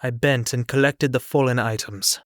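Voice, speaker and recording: A man narrating an audiobook in the first person, in a steady, earnest storytelling manner. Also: medium pitch, moderate pace, no echo, clean studio sound. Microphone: studio microphone, dry.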